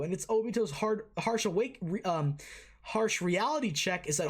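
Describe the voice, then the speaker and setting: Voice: medium pitch, animated, normal speed, slightly rough. Rambling, foul-mouthed anime reaction host. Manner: rambling, swears freely, many fillers and restarts. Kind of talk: casual reaction commentary.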